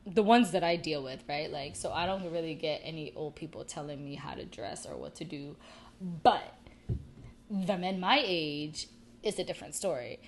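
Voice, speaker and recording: A young woman, hosting a podcast and telling a story in a casual, rambling, animated way. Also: deep voice, moderate pace, a little hiss or hum. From United States. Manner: rambling, animated, filler-heavy. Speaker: podcast host.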